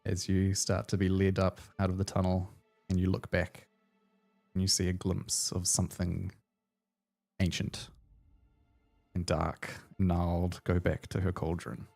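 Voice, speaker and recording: A man narrating a tabletop game as game master in a relaxed, rambling way, with plenty of fillers. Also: low-pitched, a little slow, vocal fry, long pauses, soft background music.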